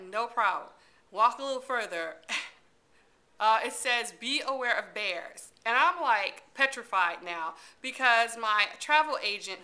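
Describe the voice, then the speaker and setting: A middle-aged woman from Detroit, a library storyteller telling a chatty story, animated and quick to laugh, acting out her own lines. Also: a little high. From Detroit, USA.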